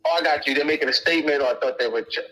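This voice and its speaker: A man's voice: fairly high pitch, racing, fairly bright tone, a little hiss or hum, poor audio. Emphatic man teaching over the radio. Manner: emphatic, repetitive, lots of restarts. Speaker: teacher answering audience questions. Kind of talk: lecture Q&A.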